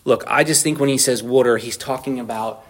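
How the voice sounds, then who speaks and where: A man's voice: medium pitch, fairly even intonation, a little fast. A man teaching an informal Bible study, conversational and asking his group questions.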